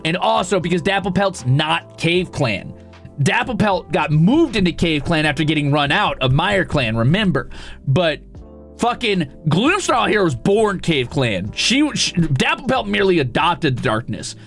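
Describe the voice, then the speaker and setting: A man streaming and chatting casually, excitable and profane, with sudden loud outbursts. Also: fairly high pitch, moderate pace, creaky, faint music behind. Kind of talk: casual live-stream chat.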